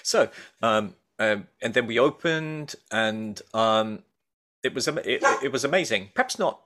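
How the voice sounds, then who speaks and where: A man's voice: medium pitch, animated, measured pace, a bit bright. A middle-aged man talking as a guest in a casual interview, rambling and hesitant with many restarts and fillers. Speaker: guest, baker and food writer.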